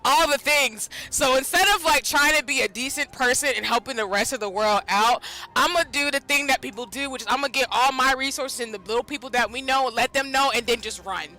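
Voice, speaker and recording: A woman streaming a game, giving animated, ranting reaction commentary that often breaks into yelling. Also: high voice, fairly quick, low-quality recording. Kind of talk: casual live reaction commentary. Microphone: headset or desk mic. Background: game music.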